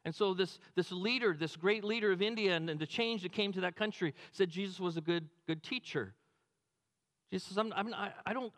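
A man preaching a sermon, animated, acting out quotes with a dropped low voice. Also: big-room sound. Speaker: pastor.

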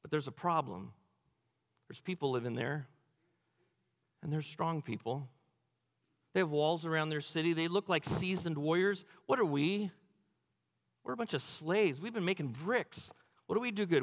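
A male pastor tells a story from the pulpit and keeps turning it into rhetorical questions. His voice sits a little high for a man. It rings through a church with a long reverb. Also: moderate pace, pauses often. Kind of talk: sermon.

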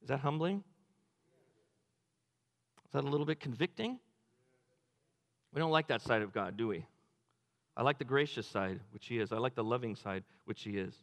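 A man's voice: mid-range voice, lively intonation, normal speed, pauses often, big-room sound. A male pastor preaches a sermon, retelling a story and asking the congregation rhetorical questions with repeated phrases.

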